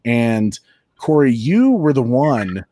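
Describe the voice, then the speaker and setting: A man's voice: mid-range voice, sing-song, slow, warm tone, no room sound. A man hosting a casual live chat show, rambling through tangents and laughing often. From Colorado, United States. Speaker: show host.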